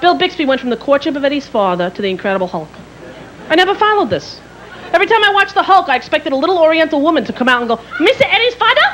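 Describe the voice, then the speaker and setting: A woman in her thirties, a stand-up comedian telling quick, animated stories with jingles and shrill impressions on a theater stage. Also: crowd noise. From New York area. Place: theater stage before a live audience. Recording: live stage mic with loud audience and hall noise.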